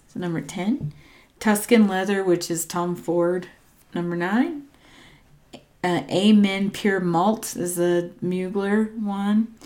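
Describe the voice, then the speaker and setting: A woman's voice: mid-range voice, a little mellow. A woman chatting casually as she reads out a ranked list, often unsure and stumbling on names, with small asides. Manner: hesitant, unsure pronunciations, trailing asides.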